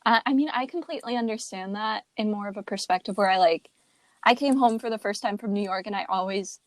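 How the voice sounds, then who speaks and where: A woman's voice: mid-range voice, fast talker, dry recording. A young woman co-hosting a podcast, easygoing and self-deprecating, telling stories in casual chat. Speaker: podcast co-host.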